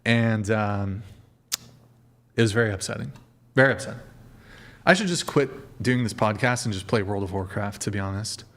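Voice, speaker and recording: A man's voice: fairly low pitch, normal speed, pauses often, a bit bright. A man hosting a podcast livestream, chatting casually, rambling and swearing as he talks straight to his viewers. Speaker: podcast host.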